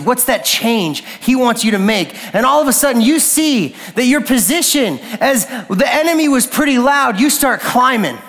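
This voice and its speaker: A male youth pastor gives a sermon in a high, light voice, talking loose and slangy, then pushing hard on the big points. His voice rings out through a large hall with a long reverb tail. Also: a bit bright. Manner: casual and slangy, building to emphatic peaks.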